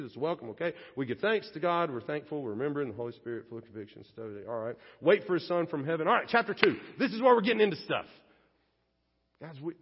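A pastor with a somewhat high, breathy voice preaches a folksy, conversational sermon, acting out little everyday scenes. The audio is dull and lo-fi, with a long church reverb.

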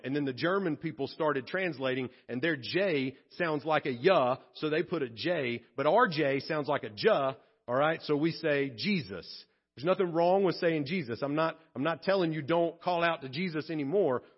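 A man's voice: a little high, husky, muffled recording. A male pastor preaching a sermon at a church worship service, earnest and conversational, with frequent restarts and asides.

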